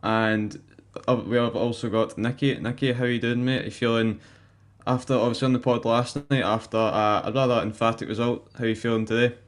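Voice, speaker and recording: A man's voice: medium pitch, level tone, a little fast. A man hosting a football podcast in a loose, jokey way. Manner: jokey, loose, leads the chat. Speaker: podcast host.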